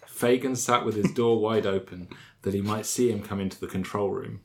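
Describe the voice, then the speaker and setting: A man with a somewhat low voice reads aloud and chats in an easy, wry way. He talks slowly, with dry humour and a chuckle never far off. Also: fairly even intonation, creaky, a little hiss or hum. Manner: dry, slow and wry, often laughing. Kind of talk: casual chat and comic reading aloud.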